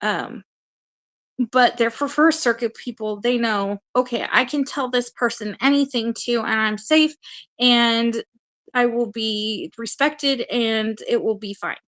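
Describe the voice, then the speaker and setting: A woman's voice: fairly high pitch, measured pace, a bit bright. A woman hosting a casual livestream, talking earnestly and emotionally straight to her viewers and reassuring them. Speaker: livestream co-host and advocate.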